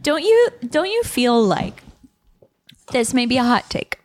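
A woman's voice: high voice, big pitch swings, unhurried, no room sound. A woman co-hosting a podcast in casual chat, making wry, jokey asides. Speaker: podcast co-host.

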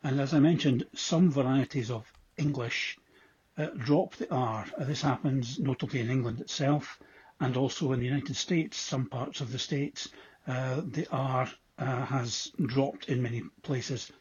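Scottish man, husky, lo-fi voice message, unhurried and self-deprecating. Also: mid-range voice, darkish tone. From Scotland. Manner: unhurried, with many ums and modest asides. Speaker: listener sending a voice message. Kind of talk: casual explanatory voice message.

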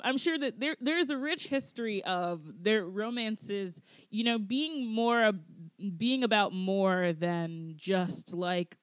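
This is a podcast co-host chatting casually, wandering through thoughts with lots of fillers and self-corrections. The voice sits at a middle pitch. The sound is dry and close, with no room in it. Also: clear, resonant tone, no room sound. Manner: rambling, many fillers and restarts. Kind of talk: casual chat.

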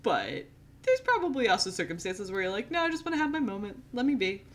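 A woman's voice: medium pitch, fast talker, faint music behind. A young woman co-hosting a podcast in a casual, chatty way, laughing often. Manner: giggly, animated and chatty. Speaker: podcast co-host. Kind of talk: casual chat.

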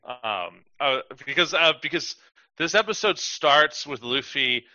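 A man with a very bright, forward voice talks casually on a podcast, rambling with plenty of fillers and acting out little quotes. The sound is dry and slightly dull, a bit lo-fi, with no room around it. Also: on the high side, animated, a little slow, no room sound. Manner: chatty, rambling, lots of fillers and acted-out quotes. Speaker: podcast co-host. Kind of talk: casual chat.

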